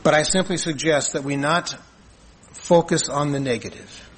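A man preaching a sermon in an earnest, measured way, asking rhetorical questions and answering them. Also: fairly high pitch, a little hiss or hum, rough recording. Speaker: pastor.

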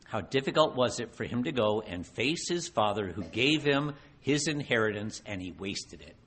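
A man preaching a sermon, posing rhetorical questions and slowing down to stress key words. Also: on the low side, expressive, a bit bright, a little hiss or hum. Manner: rhetorical questions, slows down for emphasis.

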